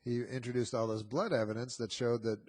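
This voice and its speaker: A man's voice: medium pitch, little pitch movement, fairly quick, a little mellow. A man, a podcast guest, telling long rambling anecdotes in a dry, casual way.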